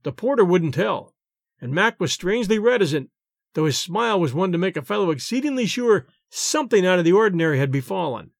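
A man narrating a short story audiobook in an expressive, animated way. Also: sits high, a little fast, vocal fry, no echo, clean studio sound.

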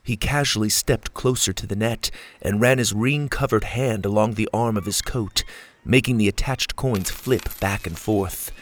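A man narrating a children's adventure story in a slow, expressive way. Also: lowish voice, a little hiss or hum.

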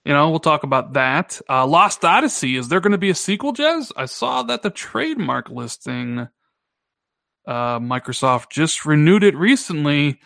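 A man co-hosting a gaming podcast, talking in a casual, teasing way and jumping up in pitch when he jokes. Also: moderate pace, creaky, no room sound, studio quality. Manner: animated, teasing, pitch jumps up when joking. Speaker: podcast co-host.

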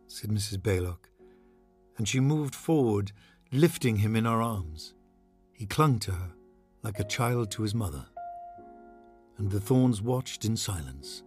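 Low husky male audiobook narrator. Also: expressive, dry recording, studio quality, soft background music. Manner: measured, somber narration. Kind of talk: audiobook reading of a horror novel.

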